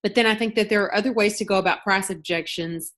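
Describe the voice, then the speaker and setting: Lady running a team video call, chatty, lots of fillers and restarts, mid pitch. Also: quick pace, fairly bright tone. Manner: chatty, loose and storytelling, with filler words and restarts. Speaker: team leader hosting a sales call. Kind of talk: casual talk on a group video call.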